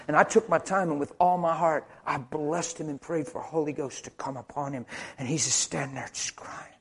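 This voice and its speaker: A man preaches a story-driven sermon, his voice pitched high and edged with husk. He acts out the scenes dramatically, dropping to a hushed near-whisper before rising to excited shouting. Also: a little fast, husky.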